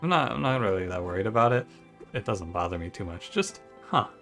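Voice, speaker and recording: Man, Michigan accent, lowish voice, chatty musing gaming host, faint background music. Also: lively intonation, quick pace, a bit bright. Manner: chatty, musing, thinks aloud. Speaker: gaming YouTuber. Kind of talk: casual let's-play intro chat.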